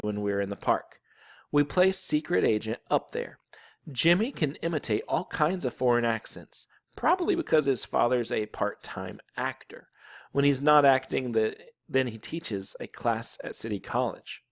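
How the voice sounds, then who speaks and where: A man reading a children's chapter book aloud with expressive, animated narration. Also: medium pitch, moderate pace. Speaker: storybook reader.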